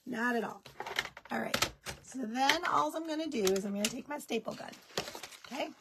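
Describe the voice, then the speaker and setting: A woman's voice: on the high side, animated, moderate pace, long pauses, very noisy. A woman hosting a live craft tutorial, chatting folksily with viewers as she works. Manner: baby talk to her dogs. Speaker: craft kit host.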